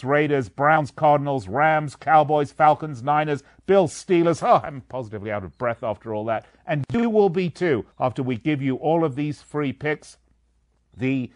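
A man's voice: medium pitch, dry recording, studio quality. Playful male sports-radio host. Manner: playful, theatrical, slips into sing-song asides. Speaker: sports betting show host. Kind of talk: live radio show host patter.

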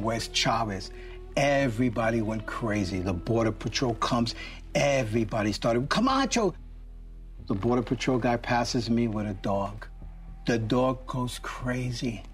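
Man telling a lively road story. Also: medium pitch, recorded from a distance. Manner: animated anecdote with acted quotes. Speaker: boxing talk host. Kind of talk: casual storytelling.

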